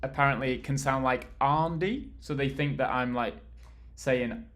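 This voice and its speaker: A man's voice: medium pitch, level tone, normal speed, fairly bright tone. A British man from the UK chatting casually with viewers on a live stream, rambling and laughing easily while he assembles furniture and moves around. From United Kingdom.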